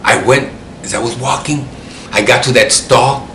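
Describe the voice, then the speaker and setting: A man's voice: mid-range voice, fairly even intonation, moderate pace, bright, forceful tone, reverberant, a little hiss or hum. A man telling a personal story in a rambling way, often repeating himself.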